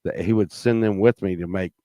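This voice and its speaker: This storyteller guest is a middle-aged man whose low, steady voice moves fairly quickly. His rambling anecdote is crude and littered with fillers and false starts, and he grows heated and loud along the way. The recording is studio quality with no room sound.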